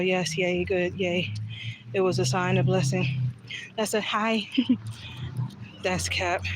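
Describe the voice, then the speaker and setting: Woman livestreaming on her phone outside, chatty and blunt, talks back to comments, faint street noise. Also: lowish voice. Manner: chatty, reading viewer comments aloud; frank, swears freely. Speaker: livestream vlogger. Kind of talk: casual livestream chat. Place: outdoors, walking home at evening.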